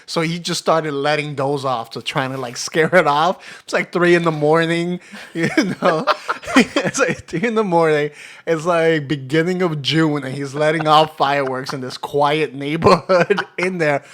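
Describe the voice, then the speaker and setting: A man with a slightly high voice tells a long story on a podcast. He rambles with fillers and breaks into laughs now and then. It is loose, friendly chat. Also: a little slow, a bit bright. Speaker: podcast co-host. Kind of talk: casual chat.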